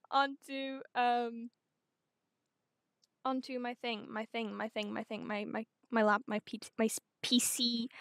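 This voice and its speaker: A woman's voice: fairly high pitch, animated, a little slow, a bit bright, dry recording, studio quality. A young woman streaming, chatting casually with her viewers while fumbling through her setup in a self-mocking, scatterbrained way. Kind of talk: casual live-stream chat.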